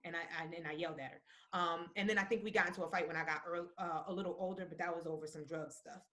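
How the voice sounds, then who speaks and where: A woman guest in a casual live-stream chat, speaking in a thoughtful, halting way with many fillers, on a phone or webcam mic. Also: on the low side, steady tone, sharp tone, a little hiss or hum.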